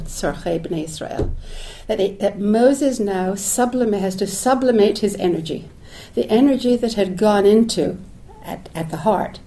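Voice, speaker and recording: A woman with a mellow, medium-pitched voice gives a reflective public lecture in a lecture hall. Her delivery is searching and thoughtful, marked by restarts and asides, and she sprinkles in Hebrew phrases.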